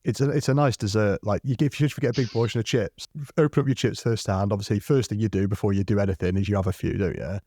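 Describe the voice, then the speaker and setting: A man's voice: fairly low pitch, steady tone, fast, hardly any pauses, warm tone, no room sound, clean studio sound. A man hosting a podcast in casual chat, bantering, swearing freely and laughing often. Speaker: podcast host.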